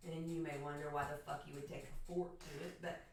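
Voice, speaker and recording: A woman's voice: deep voice, flat delivery, a little fast, slight background noise. A woman in her thirties from Florida, telling a profane, joking story casually to her stream chat. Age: 30s. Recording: echoey room, far from mic.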